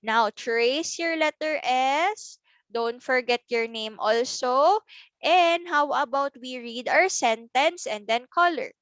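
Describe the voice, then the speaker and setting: A woman teaching a preschool class on video, speaking slowly and clearly and sounding out letters one by one for small children. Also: high-pitched, fairly bright tone, dry recording, highs cut off. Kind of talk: recorded class lesson.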